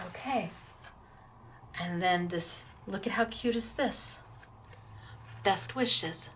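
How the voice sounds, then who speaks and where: A woman's voice: mid-range voice, slow, fairly bright tone, a little hiss or hum. A middle-aged woman hosting a crafting tutorial, bubbly and encouraging as she gushes over her projects. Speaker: crafting show host.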